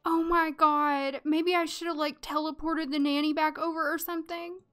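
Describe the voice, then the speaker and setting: A woman's voice: high-pitched, level tone, fairly quick. A woman hosting a let's play, commenting casually on her game and reacting with dramatic emotion while addressing viewers.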